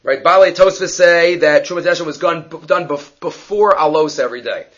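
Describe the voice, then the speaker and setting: Male Torah teacher, high voice, animated, muffled recording. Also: fairly quick. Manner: animated, acts out story voices, mixes Hebrew terms. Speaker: Talmud teacher. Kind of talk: daily Torah class. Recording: dull lo-fi recording.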